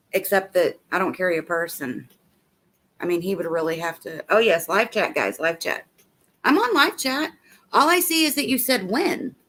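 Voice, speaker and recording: A woman's voice: fairly high pitch, fairly bright tone. Chatty woman live-streaming from home. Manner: chatty, rambling, reads comments aloud. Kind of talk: casual live-stream chat. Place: at home with a baby.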